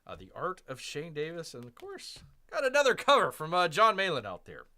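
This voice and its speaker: A man's voice: a little high, huge pitch swings, fairly quick, pushed and bright. A man hosting a casual live stream, rambling and self-mocking as he unboxes comics and reads chat, calling himself Bear.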